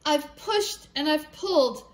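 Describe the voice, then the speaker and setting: A woman's voice: lively intonation, slow, slight background noise. A woman doing a frantic squawking mother hen. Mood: distressed. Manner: squawking, high-pitched and panicky. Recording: echoey room.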